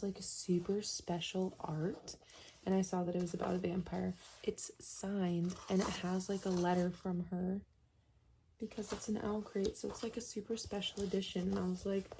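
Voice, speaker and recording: A young woman chatting casually in a book vlog, soft-spoken and dropping often into a whisper, with plenty of filler words. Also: medium pitch, level tone, normal speed, a little hiss or hum, poor audio. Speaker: book vlogger. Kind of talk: casual reading vlog chat.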